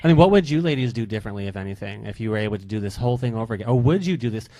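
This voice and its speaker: A man's voice: fairly low pitch, lively intonation, very fast, dark tone. A man hosting a radio interview show, chatting casually with guests and asking follow-up questions.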